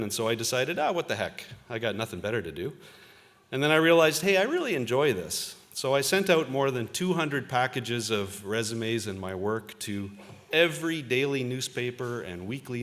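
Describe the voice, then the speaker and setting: A fairly low-voiced man in his fifties gives a convocation speech from a podium. He tells stories from his career in an easygoing, self-deprecating manner and often pauses on "uh". The sound carries a long reverb from a large hall. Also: a bit bright. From Ontario, Canada. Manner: conversational storytelling, self-deprecating, with frequent uh fillers. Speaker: convocation speaker, journalist. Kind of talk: convocation address with personal stories.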